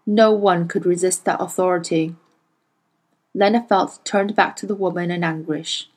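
A woman whose first language is Chinese, reading a fantasy novel aloud in a slow, deliberate storytelling manner. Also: medium pitch, darkish tone. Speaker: audiobook reader.

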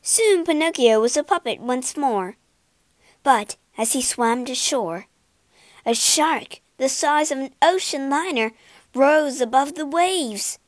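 A woman reading a children's storybook aloud with expressive, dramatic narration. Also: high-pitched, slow, dry recording.

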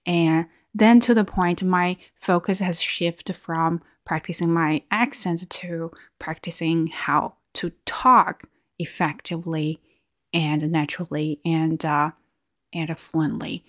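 A woman's voice: fairly low pitch, fairly even intonation, slow, no echo, studio quality. Reflective woman with a Chinese accent. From China. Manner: reflective, with frequent restarts and fillers. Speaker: video host. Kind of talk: casual vlog monologue.

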